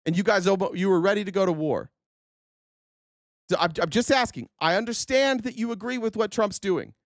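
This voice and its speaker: Man, host, high-pitched voice, dry close sound, heated profane rant, rhetorical questions. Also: brisk, no echo. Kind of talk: political commentary rant.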